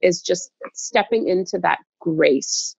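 A woman guest speaker telling an expressive story in conversation, laughing as she goes. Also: lowish voice, takes it slowly, creaky, breathy edge, no echo. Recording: dull, dry, muffled sound.

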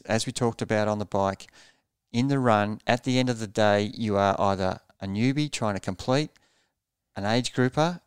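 A man's voice: fairly low pitch, clean tone, no room sound, clean studio sound. A man coaching triathletes in a podcast interview, explaining pace earnestly and repeating words as he thinks.

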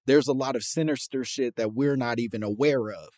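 A man's voice: mid-range voice, brisk, a little mellow, no room sound, studio quality. Amused man hosting a casual interview. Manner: probing, amused questioning with frequent laughs.

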